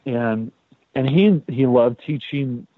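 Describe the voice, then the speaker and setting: Male podcast host, casual animated storyteller, dry tinny phone-like sound. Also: mid-range voice, slow pace, dry recording. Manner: animated, repeats words, swears.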